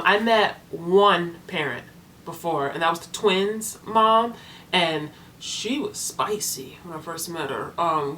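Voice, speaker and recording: A young woman talking casually to her viewers as a foster parent vlogger, chatty and animated, acting out the people in her stories. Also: on the low side, slight background noise. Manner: chatty, animated storytelling with voiced quotes. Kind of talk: casual vlog chat to viewers.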